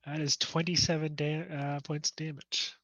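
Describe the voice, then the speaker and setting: A man's voice: on the high side, flat delivery, a bit bright, no room sound, muffled recording. A man playing in a tabletop role-playing game, chatting casually and easily amused while he rolls dice. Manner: easily amused, drawn-out and unhurried. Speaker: player.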